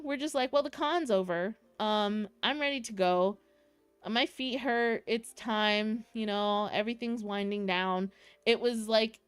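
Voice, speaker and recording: A young woman streamer telling a story in casual chat with her viewers, excitable and rambling, full of fillers. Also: on the high side, clear, resonant tone.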